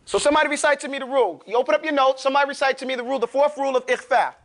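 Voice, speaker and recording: Casting note: man, classroom tajweed teacher, high and bright, casual joking drill-master. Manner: drills students, models recitation slowly, casual and joking. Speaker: Quran recitation teacher.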